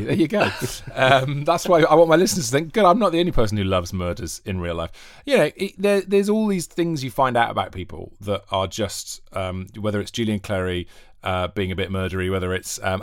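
Fast-talking man, chatty. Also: fairly low pitch, no echo, clean studio sound. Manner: enthusiastic, rambling anecdotes. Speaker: podcast host as guest. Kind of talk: chatty interview.

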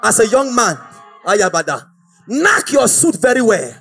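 A man preaching a fiery, exhorting sermon and often shouting out to the congregation. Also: very high-pitched, very animated, a little slow, creaky, slightly rough, soft background music.

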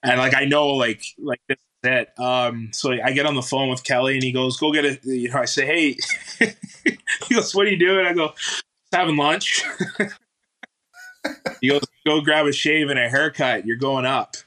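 Man, thirties, bright clear tone, casual storytelling, halting, frequent fillers, laughs often. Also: mid-range voice, fairly even intonation, poor audio. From Canada. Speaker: guest, former hockey player.

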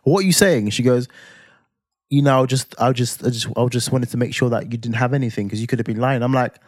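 A man in his twenties with a London accent, telling a story on a podcast in casual chat, animated and swearing freely. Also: mid-range voice, quick pace, no echo, clean studio sound. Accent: London English. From England. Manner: animated, swears freely, acts out heated quotes. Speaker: podcast co-host.

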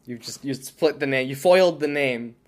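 A young man co-hosting a podcast from the United States, joking in quick casual banter. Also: mid-range voice. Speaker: podcast co-host. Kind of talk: casual chat.

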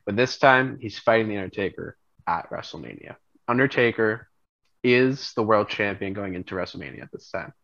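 A man co-hosting a podcast, casually laying out a long, rambling story pitch. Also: moderate pace, vocal fry, highs cut off. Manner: rambling, animated storyteller, laughs often. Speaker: podcast co-host.

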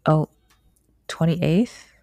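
A woman's voice: deep voice, drawn-out words, vocal fry, warm tone, no echo. A woman co-hosting a casual podcast chat about astrology, laid-back and hesitant, trailing off with fillers. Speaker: podcast co-host.

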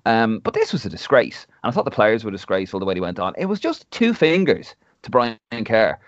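A man's voice: fairly low pitch, fairly quick, no echo. A man with an Irish accent co-hosting a podcast, talking casually and ranting with feeling. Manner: ranting, animated, mimics others. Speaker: podcast co-host. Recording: dull lo-fi sound, dry.

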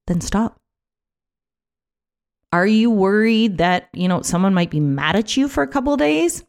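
A woman talking casually on her own podcast, chatty and animated, with many fillers and restarts, sometimes acting out other people's voices. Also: medium pitch, a little fast. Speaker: podcast host. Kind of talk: casual solo podcast talk.

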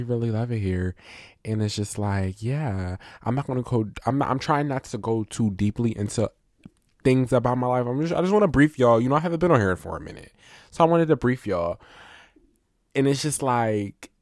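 A man's voice: lowish voice, dry recording, studio quality. A man hosting his own podcast, talking casually and rambling with lots of fillers, getting emphatic when he rants. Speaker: podcast host. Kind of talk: casual solo podcast review.

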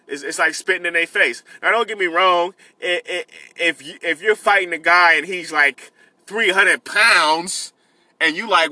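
Bright-voiced young man giving straight talk. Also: high voice, dry recording. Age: 20s. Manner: earnest, repetitive, street slang. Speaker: vlogger giving life advice. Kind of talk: casual talk to camera between delivery pickups.

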